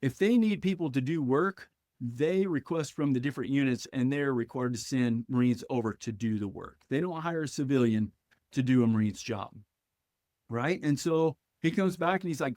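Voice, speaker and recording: Man, middle-aged, podcast storytelling, animated, acts out lines, dry recording. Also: medium pitch, moderate pace, dry recording. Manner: animated storyteller acting out dialogue. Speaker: podcast guest.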